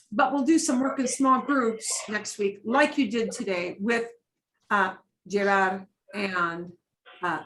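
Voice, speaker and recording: A middle-aged woman leads a Spanish class in an easy, chatty way. She explains steps, models phrases with rising and falling intonation, and checks in with quick Spanish words. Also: lowish voice, fairly bright tone, rough recording. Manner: chatty, sprinkles Spanish checks like vale and bien. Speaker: Spanish teacher. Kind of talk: casual classroom instruction.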